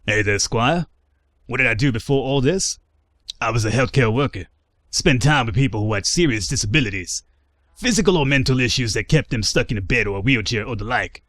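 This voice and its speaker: A man voicing a tough, gruff male survivor who used to be a caregiver, drawling in a put-on tough-guy voice. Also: medium pitch, a little fast, fairly bright tone, no room sound, natural voice.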